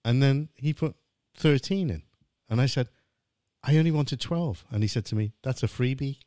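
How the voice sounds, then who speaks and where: A man's voice: medium pitch, expressive, moderate pace, mellow, no room sound. A middle-aged man hosting a podcast, joking around and telling dad jokes in casual banter. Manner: jokey, tells dad jokes with voiced punchlines. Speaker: podcast host.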